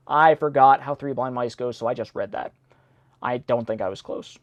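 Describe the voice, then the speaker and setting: A man's voice: medium pitch, moderate pace, no room sound, lo-fi sound. A man hosting a read-along, reading old nursery rhymes aloud and breaking off with chatty, self-deprecating asides. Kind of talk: casual read-along with commentary.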